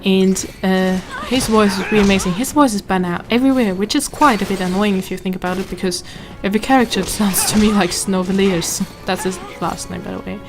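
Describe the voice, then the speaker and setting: A woman hosting a let's play chats casually as she plays, wandering off into side remarks and restarting her sentences. Her voice sits at an ordinary middle pitch. Game music plays clearly underneath her. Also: fairly quick, few pauses. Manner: chatty, rambling asides with restarts. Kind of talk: casual gameplay commentary. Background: game music and sound.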